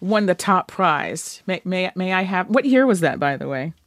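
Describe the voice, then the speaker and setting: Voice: medium pitch, sing-song, normal speed, a bit bright, no echo. An interview host with a mid-range voice asks questions in a chatty, hesitant manner, often restarting and repeating words. The sound is close and dry.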